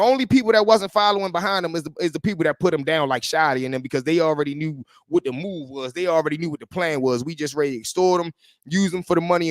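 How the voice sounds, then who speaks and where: Man, livestream host, high voice, dry close sound, animated slangy chat. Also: no echo. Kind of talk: casual livestream commentary.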